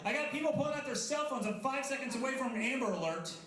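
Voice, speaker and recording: A man's voice: very high-pitched, expressive, quick pace, noisy background. A man in his thirties performing a stand-up comedy set at a coffee house, self-deprecating and chatting with the crowd. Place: coffee house stage before a live audience. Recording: roomy live venue sound.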